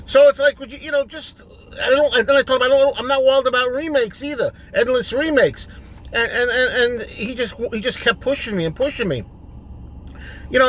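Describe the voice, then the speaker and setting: A middle-aged man hosting a solo rant video, exasperated and repetitive, building up to shouting. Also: very high voice, a little hiss or hum.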